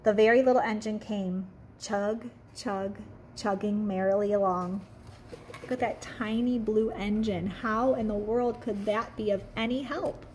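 A woman, a teacher, reading a picture book aloud to children, with gentle questions to her young listeners. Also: medium pitch, fairly even intonation, measured pace, a little hiss or hum.

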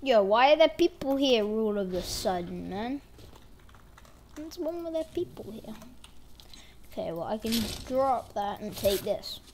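Woman host, slow and chatty, playful gameplay commentary, slightly high voice. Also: expressive, a little mellow, slight background noise. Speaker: gaming channel host.

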